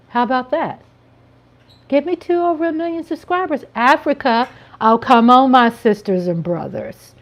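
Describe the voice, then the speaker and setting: A woman's voice: on the high side, dull audio. Chatty woman hosting a livestream. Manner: chatty, playful, drawn-out greetings. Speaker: livestream host. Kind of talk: casual live-stream chat.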